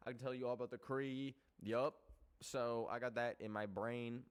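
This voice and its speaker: A young man hosting a casual podcast, rambling with lots of filler words and swearing, jumping from loud outbursts to soft muttered asides. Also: medium pitch, fairly even intonation, normal speed, clean tone. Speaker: podcast host.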